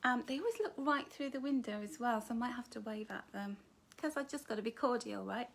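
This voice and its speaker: A woman's voice: on the high side, brisk, creaky. A middle-aged woman with a Northern English accent, chatting casually to viewers on a home livestream, calling them darling and love, with giggly self-deprecating humour. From England. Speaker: author hosting a live book launch. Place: home living room. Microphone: phone or webcam facing her.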